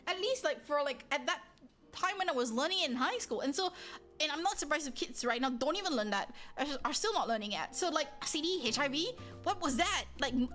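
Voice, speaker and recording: Woman streamer, high and bright voice, animated rambling chat with frequent laughs and restarts, soft music underneath. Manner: animated, rambling, frequent self-interruptions and exclamations; laughs often mid-sentence. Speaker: livestream host. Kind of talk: casual chat with viewers. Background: soft background music.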